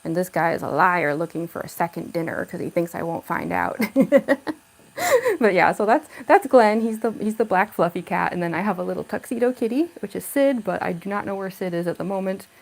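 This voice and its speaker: A woman's voice: fairly low pitch, animated, fairly quick, rough recording. Giggly young woman chatting on a livestream. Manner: giggly, chatty, coos baby talk to her cat. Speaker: livestreaming cosplayer. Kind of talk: casual livestream chat. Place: home room. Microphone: camera on a tripod.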